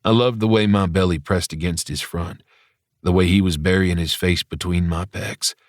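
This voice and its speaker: A man narrating a romance audiobook in the first person, even and unhurried. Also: low voice, no echo, studio quality.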